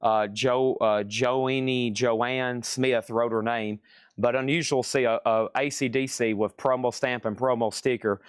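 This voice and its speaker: A man hosts a live record sale, reading out album titles and prices in quick, practiced patter. His voice is smooth and clear, recorded close and dry with little room sound. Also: medium pitch, fairly even intonation, no echo. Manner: brisk salesman patter, repeating prices. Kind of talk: live-stream auction selling. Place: record shop.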